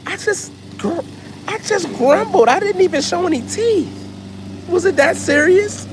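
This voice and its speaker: Guy putting on a high whiny little girl puppy, all offended. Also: expressive, a little slow, background noise. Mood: indignant. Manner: whiny, protesting. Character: startled young female puppy, indignant.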